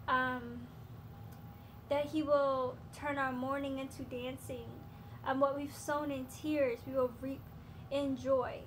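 Host, woman, high-pitched, earnest faith encouragement to camera. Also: slight background noise. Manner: earnest, repeats phrases, sprinkles "um" and "hallelujah"; breaks briefly into song. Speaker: host giving a prophetic encouragement. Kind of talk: casual spiritual encouragement to camera.

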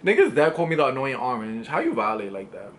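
A man's voice: mid-range voice, fast, a little hiss or hum. A young man from New York with a New York accent, reading comments to camera in an assertive, sassy way. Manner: assertive, sassy, animated delivery. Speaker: YouTuber.

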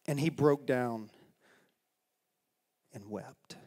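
Unhurried preacher in a ringing church. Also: male voice, mid-range voice, a little mellow, slightly rough. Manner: storytelling, dramatic, folksy. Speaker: pastor. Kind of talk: sermon. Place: church sanctuary. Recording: long reverb of a church hall.

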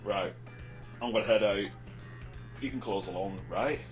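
A man's voice: lowish voice, soft background music, close to an everyday voice. An actor playing a cocky young male coworker who talks smugly and in a hurry. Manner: smug, teasing and hurried.

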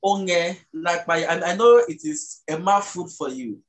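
A speaker from Ghana, patiently explaining the language as an interview guest and slowing down to sound out words. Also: medium pitch, lively intonation, low-quality recording. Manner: teacherly, slows down to sound out words.

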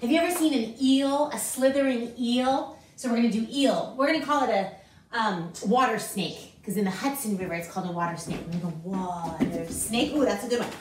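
High-voiced upbeat woman dance teacher. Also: brisk, a little hiss or hum. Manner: upbeat, encouraging, calls out counts and chants. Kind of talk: leading a children's dance class. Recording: echoey room from a distance with music.

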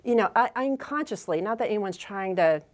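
A woman being interviewed as a business executive, telling stories in a lively conversational way, often restarting and adding fillers. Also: mid-range voice, brisk. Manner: animated, acts out quoted dialogue, many fillers and restarts. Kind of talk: conversational storytelling.

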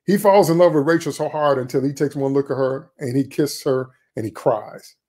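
Husky-voiced man preaching a sermon. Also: moderate pace. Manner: animated storytelling, voicing characters with pitch jumps; conversational, folksy phrasing. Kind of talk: sermon retelling scripture.

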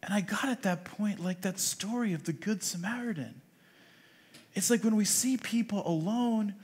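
A middle-aged man, a rabbi, preaching a sermon and telling a personal story, swinging from loud emphatic peaks to soft, quiet narration. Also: high voice.

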